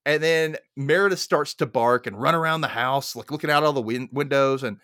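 A man hosting a podcast, recapping a movie in casual chat as an animated, laughing storyteller. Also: medium pitch, a little fast, dry recording, clean studio sound. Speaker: podcast host.

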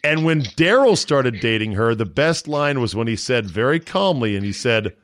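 Male sports podcast host; blunt, profane, animated banter; dry close mic. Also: mid-range voice, moderate pace, dry recording. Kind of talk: casual sports talk banter.

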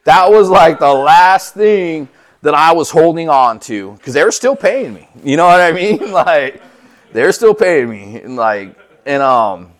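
A man's voice: a little high, big pitch swings, unhurried. A man sharing his recovery story in a casual, profane way, acting out what people said. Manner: profane, laid-back, acts out quoted dialogue.

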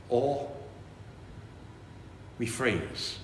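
A man's voice: mid-range voice, a little slow, a little hiss or hum. Man preaching in an echoey church. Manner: animated, voices worried inner thoughts. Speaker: priest. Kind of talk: sermon. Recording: echoey church with long reverb.

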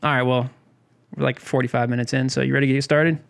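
Podcast cohost guy, gravelly voice, dry and teasing, a bit snobby for laughs. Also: mid-range voice, level tone, fast talker. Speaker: podcast co-host. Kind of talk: casual podcast banter.

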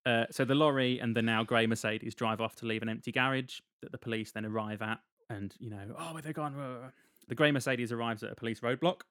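A man's voice: mid-range voice, fairly even intonation, fast, few pauses, a bit bright, no room sound. A man, casually retelling a film's plot on a podcast with dry humor and frequent laughs. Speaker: podcast co-host recapping a film. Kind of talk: casual chat.

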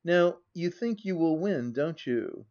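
A man playing a smooth, insinuating young gentleman who speaks quietly and measured, on a dull lo-fi audiobook recording. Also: fairly high pitch, animated. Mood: confident. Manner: quiet and measured, sometimes murmured.

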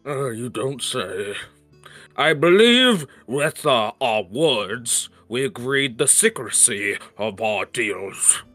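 A man's voice: mid-range voice, lively intonation, slow pace, sharp tone, soft background music, exaggerated voice. A man voicing a nervous, easily frightened male official who stammers and hesitates. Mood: stiff.

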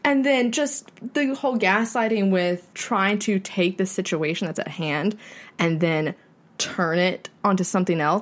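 A young woman co-hosting a podcast in casual chat, telling her own story in animated bursts with halting restarts. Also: medium pitch. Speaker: podcast co-host.

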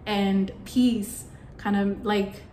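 A young woman speaks in a casual storytime monologue, candid and rambling, at an ordinary mid pitch. The room rings with a noticeable echo, and there is a faint hiss of background noise. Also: fairly even intonation, drawn-out words, warm tone. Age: young adult. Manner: candid, rambling, frequent fillers.

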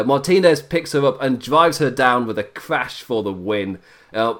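A man's voice: medium pitch, fairly bright tone. A man co-hosting a casual wrestling chat, talkative and often laughing, stumbling over his words now and then. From Britain. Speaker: podcast co-host.

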